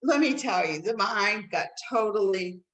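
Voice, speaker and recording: A woman co-hosting a casual chat show, telling stories in an animated way with big jumps in pitch. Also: a little slow, rough recording. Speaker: co-host.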